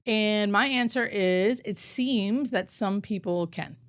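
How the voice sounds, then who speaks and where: A woman hospice nurse, a guest on an interview show, telling stories in a casual, animated way and acting out what people said. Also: mid-range voice, slow. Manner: animated storyteller, acts out quotes.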